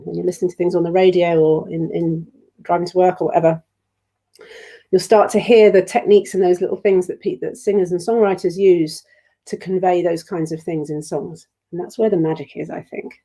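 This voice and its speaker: Gentle British woman leading a choir. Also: lowish voice. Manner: gentle and encouraging, sings short lines to demonstrate. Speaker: choir leader. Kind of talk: online choir rehearsal teaching.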